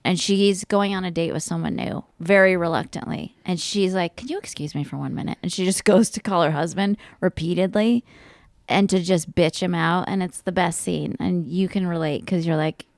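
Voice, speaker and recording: A woman's voice: fairly low pitch, fairly even intonation, moderate pace, a little mellow, no room sound, clean studio sound. A woman guest in casual podcast chat, enthusiastically describing a favorite film scene.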